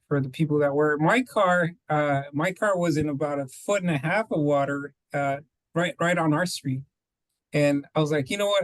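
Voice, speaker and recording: A man with a somewhat higher voice chats casually over a video call. He rambles, restarts and corrects himself, and the sound is dry and close. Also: no room sound, rough recording. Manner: rambling, self-correcting, laughing. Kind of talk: casual chat.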